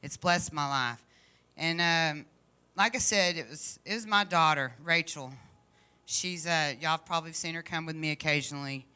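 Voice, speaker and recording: A woman giving a heartfelt, halting personal testimony to a church congregation. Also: low voice, sharp tone, smooth. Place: church service.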